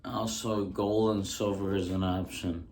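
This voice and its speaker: A man doing a casual home-recorded ASMR stand-up bit, rambling through deadpan jokes with frequent ums, close on a handheld mic. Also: deep voice, unhurried, slight background noise. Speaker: stand-up comedian. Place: indoors at home.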